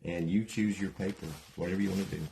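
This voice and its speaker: A man with a very deep voice co-hosts a home craft live stream, reading viewer comments aloud in a relaxed, teasing way. A clear appliance hum sits behind him. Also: quick pace. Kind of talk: casual live-stream chat.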